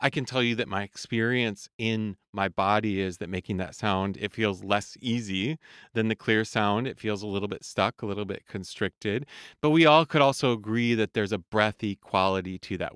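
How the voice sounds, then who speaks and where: A man in a voice lesson podcast speaks with a smooth, resonant tone in a dry, close recording. He explains each point calmly and in measured steps. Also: fairly low pitch, no echo. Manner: calm, explanatory, demonstrates sung vowel sounds. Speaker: voice coach.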